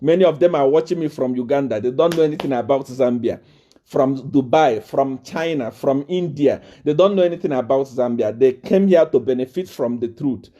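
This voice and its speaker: A man's voice: mid-range voice, moderate pace, dark tone. A man, a self-styled prophet, giving a livestreamed political monologue into his own phone camera, emphatic and repetitive, laughing at his own points.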